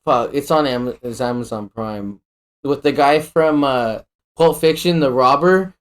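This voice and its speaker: A man's voice: mid-range voice, unhurried. A man with a middle-range voice co-hosts a podcast. He talks in loose, profane, rambling stories. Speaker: podcast co-host. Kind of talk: casual chat.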